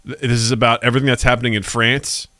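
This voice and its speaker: Male podcast co-host, bright tense voice, dry close mic, jokey casual chat. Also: mid-range voice, little pitch movement, fast talker, no echo. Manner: jokey, slips into mock voices and accents.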